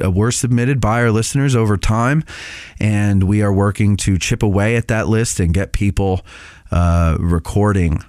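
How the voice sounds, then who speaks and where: A man's voice: lowish voice, a little mellow, no room sound, studio quality. A podcast host giving a casual update on his show, rambling with many filler sounds and restarts.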